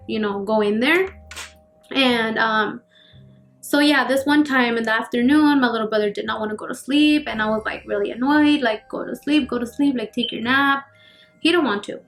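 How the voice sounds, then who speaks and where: A woman in her twenties telling a personal story in a casual vlog, chatty and full of fillers, acting out the scenes. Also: a little high. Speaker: YouTuber. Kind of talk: casual storytelling while getting ready. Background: faint background music.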